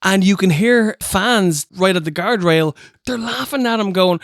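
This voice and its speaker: An Irish man co-hosts a review show, telling stories at an unhurried pace and slipping into impressions of the people in them. The recording is close and dry. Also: sits high, no room sound. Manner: animated storytelling, mimics people. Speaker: podcast co-host. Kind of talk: casual review chat.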